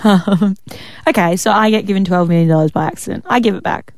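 A young woman co-hosting a casual radio show, chatty and quick to laugh. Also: mid-range voice, a little mellow. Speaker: radio co-host. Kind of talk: casual breakfast radio chat.

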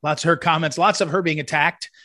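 A man's voice: on the high side, fairly even intonation, fast, bright, forceful tone, no echo, studio quality. A man hosting a commentary segment, telling rambling, anecdotal stories in a eulogy style. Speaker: commentary host.

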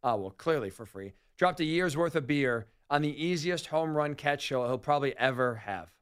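A man's voice: fairly high pitch, animated, normal speed, fairly bright tone, clear, resonant tone. A man hosting a sports talk radio show, telling stories with incredulous, ranting energy.

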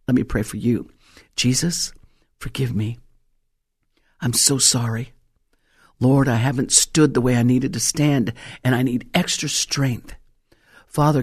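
Fervent woman preaching a sermon. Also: darkish tone. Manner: fervent, exhorting, with sudden rises in pitch. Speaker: pastor.

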